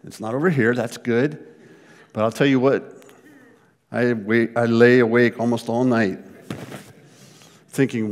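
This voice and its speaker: A man preaching a sermon as pastor, telling stories in an animated way with frequent repeated words. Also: medium pitch, measured pace, pauses often. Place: church. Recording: long reverb of a church hall.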